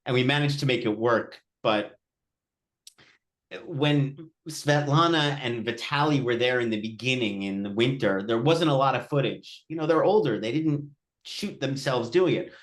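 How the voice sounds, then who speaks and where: At a post-screening Q&A, a male film director tells a story casually in a mid-range voice at a moderate pace. He's animated, acting out quoted voices and restarting often.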